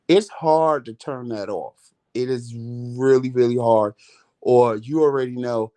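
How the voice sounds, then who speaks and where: A man talks things through in a loose, chatty vlog style. His voice sits at an ordinary middle pitch, and he rambles comfortably as he gives down-to-earth advice. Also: a little slow, clear, resonant tone. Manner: relaxed, talkative, Southern US vernacular. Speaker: vlog host. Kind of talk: casual chat.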